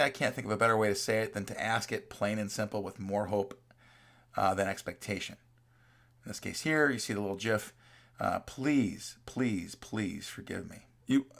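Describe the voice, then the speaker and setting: A man's voice: on the low side, gravelly, fairly bright tone. A man teaching a college class in a recorded lecture, talking in a conversational way, reading quoted examples aloud and often checking in with "right?".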